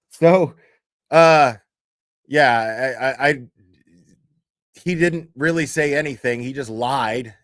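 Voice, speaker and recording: A man's voice: medium pitch, slow, long pauses, dry recording, studio quality. A man hosting a livestream, talking casually in a profane, mocking rant. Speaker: streamer host.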